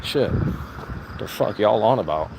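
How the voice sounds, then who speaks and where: A man's voice: lowish voice, animated, unhurried, gravelly, very noisy. A man vlogging outdoors in a casual, rambling rant, blunt and profane, repeating himself as he goes. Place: outdoors among plants. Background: faint crickets and insects.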